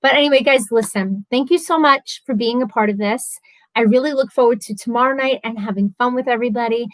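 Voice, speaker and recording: A woman's voice: on the high side, brisk, dry recording, rough recording. A woman hosting a live stream from home, chatty and earnest, talking casually and openly at length. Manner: chatty and earnest, talks a lot.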